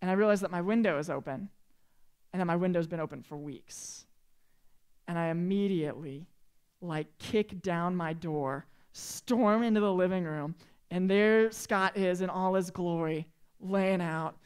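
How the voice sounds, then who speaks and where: A man's voice: high-pitched, measured pace, smooth. A youth pastor in his late twenties telling a humorous, chatty story to students, acting out the quotes. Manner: animated, chatty, acts out quotes with big swings in volume.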